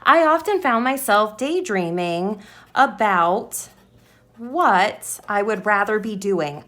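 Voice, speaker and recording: Woman, teacher, writing lesson, slow deliberate delivery, repeats phrases. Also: medium pitch, lively intonation, a bit bright. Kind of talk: classroom writing lesson, modeling aloud.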